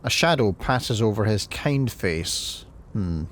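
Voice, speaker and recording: A man's voice: fairly low pitch, animated, slow pace, a little hiss or hum. A man with a Scottish accent giving casual, chatty gameplay commentary and reading game text aloud. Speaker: let's play host.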